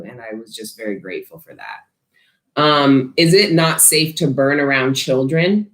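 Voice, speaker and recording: A woman hosting a casual livestream, chatting bluntly with viewers and answering their questions, swearing freely and talking with animated emphasis. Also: a bass voice, normal speed, roomy sound. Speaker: host selling frankincense to viewers.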